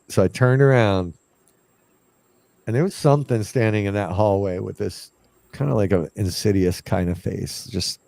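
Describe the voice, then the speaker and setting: A man's voice: on the low side, vocal fry, dry recording. A man casually telling a ghost story from his investigations, acting out what he and others said. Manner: animated, acts out his own past lines.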